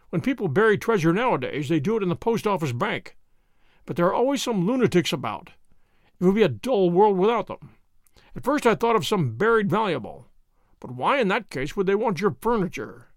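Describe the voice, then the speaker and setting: A sharp, dry-witted detective who questions people crisply and teasingly, as a man voices him. His voice runs high and lively. The sound is dry and close. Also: brisk, no room sound. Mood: severe.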